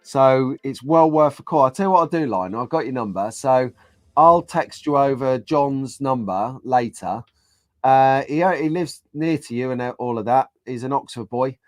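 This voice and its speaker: A man with a mid-range, slightly mellow voice hosts a casual live stream at normal speed, with no room sound. Chatty and jokey, he reads out viewer comments and riffs along with the chat.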